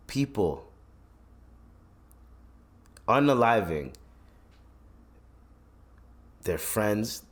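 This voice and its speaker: This man's lowish voice has a fairly bright tone as he rants on his own podcast. The talk is blunt, heated, and profane, packed with slang, rambling, and frequent restarts.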